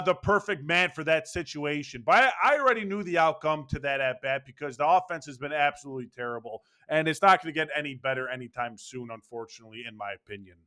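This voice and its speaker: A man's voice: high-pitched, pushed and bright. A man ranting angrily and sarcastically about his baseball team's loss, swearing as he goes. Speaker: baseball fan commentator. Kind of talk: ranting sports commentary.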